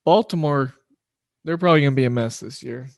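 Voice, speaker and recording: A man's voice: mid-range voice, brisk, creaky, no echo, studio quality. A man hosting a sports betting podcast, talking loosely and in a rambling, self-deprecating way. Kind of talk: casual solo podcast talk.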